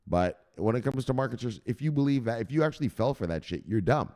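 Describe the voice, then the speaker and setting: Animated, foul-mouthed male crypto host. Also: fast. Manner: animated, swears freely, mocks imagined viewers in a high squeaky voice. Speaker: crypto news channel host. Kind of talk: casual explainer talking over a chart.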